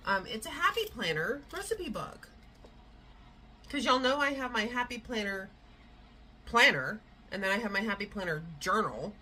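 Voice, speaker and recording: A woman's voice: mid-range voice, sharp tone, slight background noise, rough recording. Chatty woman vlogging at home. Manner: rambling, chatty, frequent fillers and yawns. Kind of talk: casual vlog chat. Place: at home, indoors. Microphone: camera on a tripod.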